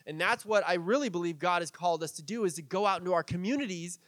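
A man's voice: sits high, fast talker, a bit bright, dry recording. A man preaching as a pastor in a casual, chatty way, with fillers and light laughs. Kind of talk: conversational sermon.

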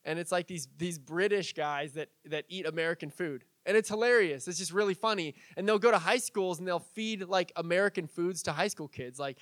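Socal pastor guy preaching, laid back and chatty, pretty high voice. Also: fairly quick, few pauses, fairly bright tone, dry recording. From Southern California. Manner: casual and conversational, with lots of asides. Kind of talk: sermon.

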